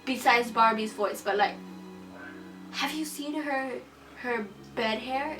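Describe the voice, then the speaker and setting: A woman telling a personal scary story for a class assignment in a dramatic, animated way, acting out her own lines. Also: a little high, slow pace, pauses often. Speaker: student storyteller. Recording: distant voice with music behind.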